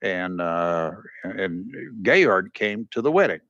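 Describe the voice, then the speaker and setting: A man hosting a local talk radio show, chatting casually and telling stories in an animated way. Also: slow pace, no echo, dull audio. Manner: storytelling, animated, with pitch jumps. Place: radio studio.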